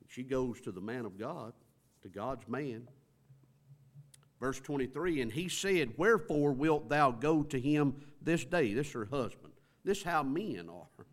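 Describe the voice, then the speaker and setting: Middle-aged male preacher, folksy conversational sermon, mid-pitched voice, acts out the quotes. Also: very animated, moderate pace.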